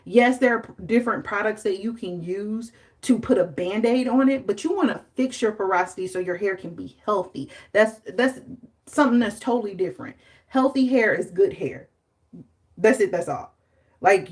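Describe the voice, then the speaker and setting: A young adult woman hosting a casual live stream about hair care, chatty and animated, acting out her stories. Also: medium pitch.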